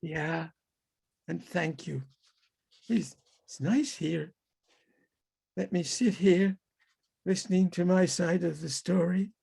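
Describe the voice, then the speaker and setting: A man reading his own fiction aloud over a video call as a halting, musing first-person character monologue. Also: high voice, gravelly, a little mellow, breathy edge. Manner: halting, musing, talks to animals and people in the scene.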